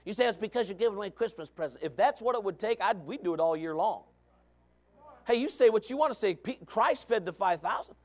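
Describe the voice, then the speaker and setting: A man preaching a sermon as pastor, folksy and repetitive, swinging from quiet talk to fervent shouting. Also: high-pitched, lively intonation, a little fast. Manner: folksy, repeats phrases.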